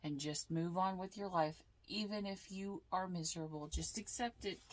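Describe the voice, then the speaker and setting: A woman doing a casual tarot reading, blunt and animated, swearing freely. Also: lowish voice, normal speed. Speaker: tarot reader.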